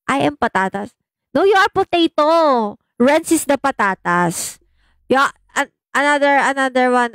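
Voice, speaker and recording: A woman's voice: on the high side, fairly bright tone, no room sound. A young woman chatting playfully on a phone livestream, reading viewer comments aloud and often laughing. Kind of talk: casual livestream chat.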